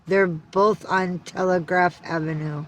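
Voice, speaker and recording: A woman's voice: on the low side, steady tone, a little slow, slight background noise, low-quality recording. A woman on a casual livestream, cooing baby talk to her cats.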